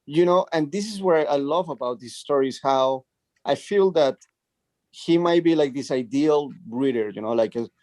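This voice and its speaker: A man's voice: a little high, moderate pace, mellow, no echo. A man in a casual book discussion, speaking with enthusiasm and peppering his talk with "you know".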